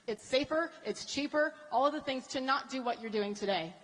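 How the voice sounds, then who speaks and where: A woman's voice: high-pitched, fairly quick. A woman moderating a town hall, putting an earnest question that builds steadily in force. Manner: building, earnest, ends in loud repeated question. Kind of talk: posing a question at a live event. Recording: hall reverb with faint ambience.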